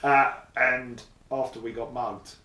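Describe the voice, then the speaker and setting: A man's voice: mid-range voice, flat delivery, slow, pushed and bright, distant mic. Laughing man in an echoey room. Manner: self-deprecating, laughs often. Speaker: podcast co-host. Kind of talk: casual chat.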